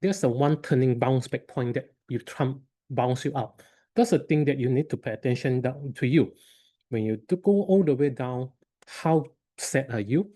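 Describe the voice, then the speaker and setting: A man on a video call giving speech feedback, with halting phrasing. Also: medium pitch, mellow. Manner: halting non-native phrasing. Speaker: speech evaluator.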